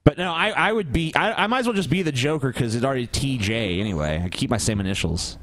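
A man's voice: medium pitch, animated, quick pace, a bit bright, no echo. A man co-hosting a podcast, bantering crudely and teasing the others. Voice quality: profane, teasing. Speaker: podcast co-host.

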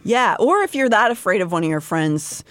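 A woman's voice: mid-range voice, very animated, normal speed, fairly bright tone, no room sound. A woman co-hosting a podcast, casually summarizing the plot of a novel and laughing often. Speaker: podcast co-host. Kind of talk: casual book discussion.

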